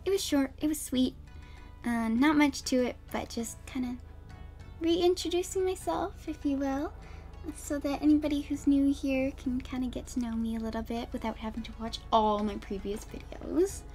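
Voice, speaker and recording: A woman's voice: sits high, normal speed, dark tone, faint music behind. A young woman streamer chatting casually and rambling, with frequent giggles and fillers. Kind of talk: casual live-stream chat.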